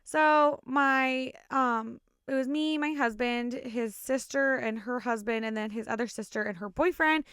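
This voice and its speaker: A woman's voice: a little high, unhurried, few pauses, a bit bright, clean tone, dry recording, clean studio sound. A woman hosting a show and casually telling her own stories, swearing often and rambling with lots of fillers. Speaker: podcast host telling personal stories. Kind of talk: casual storytelling.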